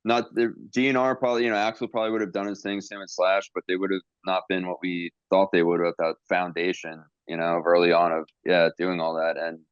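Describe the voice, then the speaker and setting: A man's voice: low voice, little pitch movement, fairly quick, few pauses, clean tone, no echo. A male podcast host asking loose, trailing questions in casual chat. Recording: dry, dull lo-fi mic.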